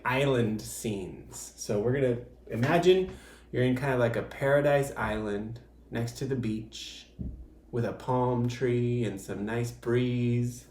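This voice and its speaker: Male art teacher, mid-pitched, patient, step-by-step delivery for young children; reverberant room. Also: darkish tone, slight background noise. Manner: patient step-by-step explaining with fillers.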